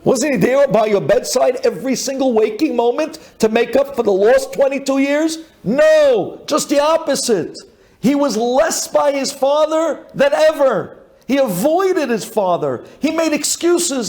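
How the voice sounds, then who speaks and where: A man, a rabbi, giving a sermon dramatically, swinging from loud pleading to hushed intensity. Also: very high-pitched, lively intonation, unhurried.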